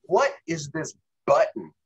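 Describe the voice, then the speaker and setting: Husky, lively-voiced photographer on a call. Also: male voice, fairly high pitch, slow, poor audio. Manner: easygoing, asks curious questions. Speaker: photographer guest. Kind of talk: casual conversation over a video call.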